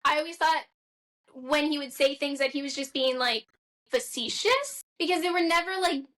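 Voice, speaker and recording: A woman's voice: sits high, moderate pace, a bit bright. A woman in her twenties, a podcast guest, talking bluntly and with plenty of swearing in casual chat. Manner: blunt, profane storyteller.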